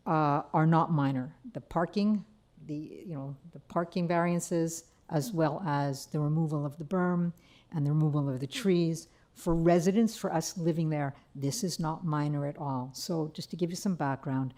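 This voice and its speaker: A woman's voice: low-pitched, mellow. An older woman speaking as a resident at a public hearing, rambling and apologetic, often checking in with "okay?", her voice a bit shaky. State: shaky voice, cold and hungry.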